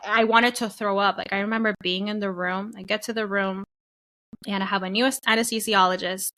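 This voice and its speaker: Bright, lively woman, podcast co-host; casual storyteller who acts out the quotes. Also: mid-range voice, fairly quick, rough recording. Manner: animated, acts out quoted voices, swears casually.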